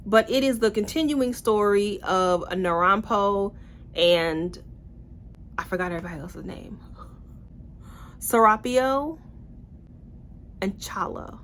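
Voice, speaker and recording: A young woman casually reviewing books in a vlog, blunt and animated, with swearing and playful asides. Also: mid-range voice, slow pace, long pauses, slight background noise. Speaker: book reviewer.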